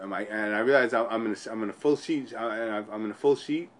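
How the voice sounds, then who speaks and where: A man's voice: on the low side, quick pace. A man telling a personal story in an interview, rambling and often repeating and restarting his phrases.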